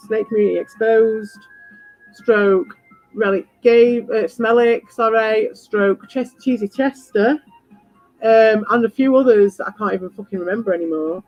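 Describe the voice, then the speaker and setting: A woman streamer in a casual ranting chat, animated, swearing freely and repeating herself. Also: mid-range voice, no echo, dull audio. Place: home.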